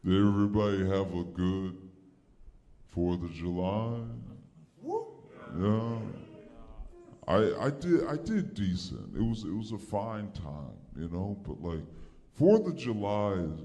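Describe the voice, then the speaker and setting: A man doing a stand-up comedy set, telling stories in an animated way and acting out the dialogue in raised voices. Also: fairly low pitch, slow, long pauses.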